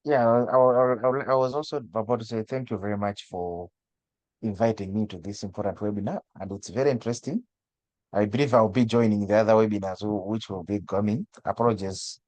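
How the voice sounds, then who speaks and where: A man's voice: lowish voice, brisk, darkish tone, no room sound. A man from Malawi, a guest speaker on energy, explaining things over a video call with frequent restarts and stammers. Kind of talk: webinar discussion.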